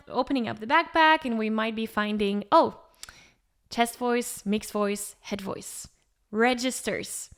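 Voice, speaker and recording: A woman vocal coach explaining pitch step by step in an encouraging way, with short sung demonstrations. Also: fairly bright tone. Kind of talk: singing lesson with sung demonstrations.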